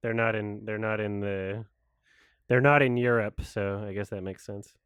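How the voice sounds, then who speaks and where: A man's voice: lowish voice, fairly even intonation, moderate pace, fairly bright tone, smooth, no echo, clean studio sound. A man giving casual, sarcastic commentary while watching a film live, swearing often. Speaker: host reacting to a film.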